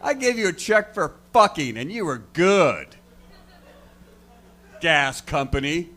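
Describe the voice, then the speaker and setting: A man doing a stand-up routine, telling crude jokes in a wry, deadpan way. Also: on the high side, slow pace. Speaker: guest comedian. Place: comedy show stage before a live crowd.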